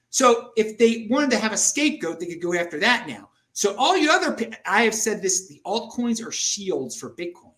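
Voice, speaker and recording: An animated man talking casually as a podcast host. His voice sits a little high and sounds bright and forceful. It jumps up and down a lot, and he trips over his words when he gets worked up. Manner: animated, excitable, many restarts and stammers. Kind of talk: casual chat. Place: Salt Lake City area, indoors.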